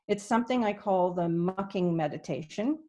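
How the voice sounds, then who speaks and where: A Canadian woman's low-leaning, dark voice comes through a video call as she gives an online conference presentation. She sounds earnest and hesitant, pausing with ums and restarting what she says.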